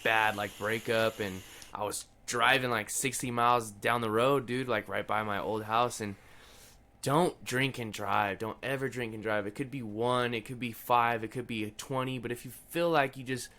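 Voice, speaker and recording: A man's voice: mid-range voice, steady tone, moderate pace, sharp tone. A young man co-hosting a casual podcast, laid-back and swearing, with lots of "like" and "dude" fillers. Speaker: podcast co-host. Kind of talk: casual chat.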